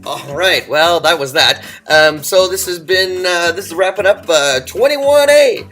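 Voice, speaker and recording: A man with a high, bright voice wrapping up his vlog in a loose, playful manner. Faint music runs underneath. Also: lively intonation, a little slow. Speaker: vlogger. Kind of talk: casual vlog sign-off.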